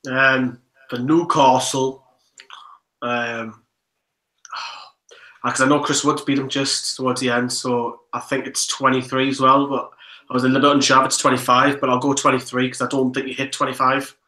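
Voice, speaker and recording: A chatty man on a casual online quiz stream, running through viewer names and score updates. His voice is bright and forward, and it rings around a noticeably echoey room. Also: mid-range voice, flat delivery, moderate pace. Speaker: co-host and quiz contestant. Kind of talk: casual chat. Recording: roomy echo.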